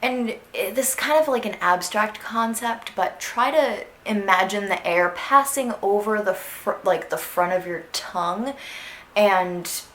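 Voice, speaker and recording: A woman's voice: medium pitch, unhurried, fairly bright tone. A young woman teaching an orchestral clarinet excerpt in a casual, chatty way, singing phrases aloud to show them. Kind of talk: instructional music lesson. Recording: echoey room with faint noise.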